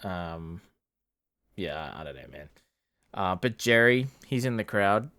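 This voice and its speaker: A man's voice: sits low, lively intonation, slow, sharp tone, clear, resonant tone, no echo, clean studio sound. A man co-hosting a podcast, recapping a film in loose casual talk full of fillers. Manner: rambling, lots of fillers and laughs. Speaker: podcast co-host. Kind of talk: casual movie review chat.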